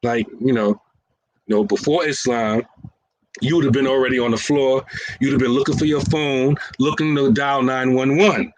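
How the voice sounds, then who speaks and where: A man's voice: medium pitch, fairly even intonation, moderate pace, poor audio. Playful man talking through street scenarios. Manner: playful, laughs at his own lines. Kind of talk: casual talk acting out scenarios.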